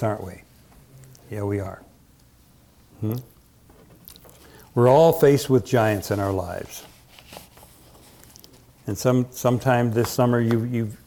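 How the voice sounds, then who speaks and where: A man's voice: mid-range voice, mellow. A man preaching a sermon, retelling a Bible story with dramatic quoted lines and joking asides.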